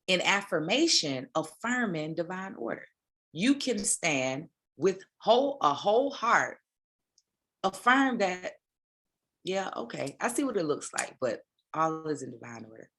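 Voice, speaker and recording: A woman's voice: lowish voice, big pitch swings, a little slow, fairly bright tone. A woman spiritual teacher giving a livestreamed talk, with preachy asides to her viewers.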